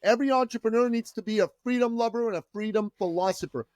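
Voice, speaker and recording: A man's voice: high voice, fast, darkish tone, no echo, studio quality. A man from Iran, a guest on a podcast, telling his story with a fervent, preacher-like delivery. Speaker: entrepreneur guest.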